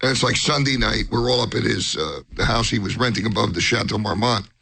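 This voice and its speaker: A man's voice: lowish voice, a little fast, vocal fry, husky. A male comedian telling a rambling backstage story, stammering and restarting, and acting out other people's lines. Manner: animated, acts out others' lines. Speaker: guest comedian. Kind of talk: rambling anecdote.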